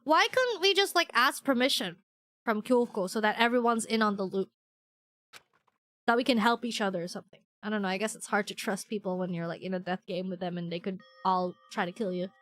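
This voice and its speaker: A young woman streaming a first playthrough of a game, excitable and quick to squeal and laugh. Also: medium pitch. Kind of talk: live game playthrough commentary.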